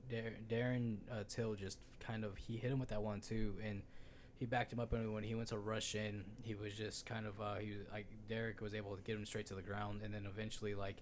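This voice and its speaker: A man's voice: lowish voice, flat delivery, fairly quick, a little hiss or hum. A man co-hosting a casual sports podcast, rambling and swearing freely with lots of fillers. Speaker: podcast co-host.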